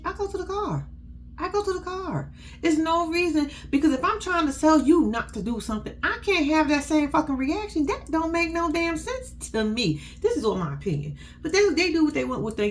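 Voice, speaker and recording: A woman's voice: sits high, sing-song, brisk, few pauses, a little hiss or hum. A woman giving casual, blunt, profane commentary on a reality show, laughing often as she tells the story. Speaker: reality TV recap host.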